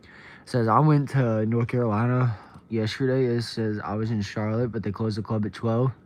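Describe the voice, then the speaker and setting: A man's voice: on the low side, flat delivery, moderate pace, darkish tone. A young man from Texas, casually chatting on a livestream, reading viewer comments aloud and greeting people by name. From Texas, USA. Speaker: livestream host.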